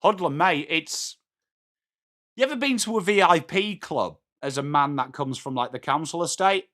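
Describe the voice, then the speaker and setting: A man with an English accent giving live football reaction commentary as a watchalong streamer, blunt and excitable, swearing and greeting his chat by name. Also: fairly high pitch, normal speed. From England.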